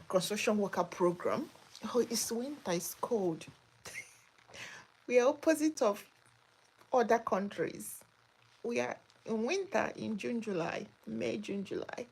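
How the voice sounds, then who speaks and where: A woman with a breathy, husky voice hosts a live chat from her home, answering viewer comments. She talks emphatically, exclaims a lot and says things twice for effect. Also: mid-range voice. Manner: emphatic, repeats herself, exclamatory. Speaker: migration advice channel host. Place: home in Australia.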